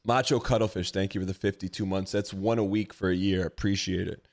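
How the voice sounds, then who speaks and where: A man live-streaming a video game, chatting casually and teasing his chat with quick comebacks. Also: sits low, fairly even intonation, gravelly, darkish tone. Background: game music.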